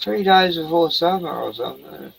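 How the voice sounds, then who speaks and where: A man's voice: fairly high pitch, expressive, moderate pace, gravelly, slight background noise, poor audio. An Australian man hosting a casual livestream, rambling, swearing and chatting to his dog. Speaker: livestream host.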